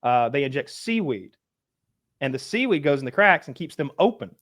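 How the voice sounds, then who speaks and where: Swearing, animated podcast host man. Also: on the high side, moderate pace, no room sound, studio quality. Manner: animated storyteller, swears freely. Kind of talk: casual podcast chat.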